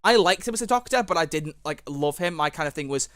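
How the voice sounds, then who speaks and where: Fast-talking young man. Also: fairly high pitch, dry recording, studio quality. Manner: excitable, rambling with many restarts. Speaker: guest. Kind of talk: casual chat.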